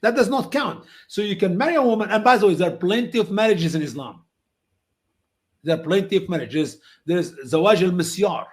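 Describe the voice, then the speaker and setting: Emphatic guy, pretty high voice, tells stories. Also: brisk. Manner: non-native English, emphatic, acts out quoted voices high. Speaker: guest answering questions. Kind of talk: animated storytelling answers.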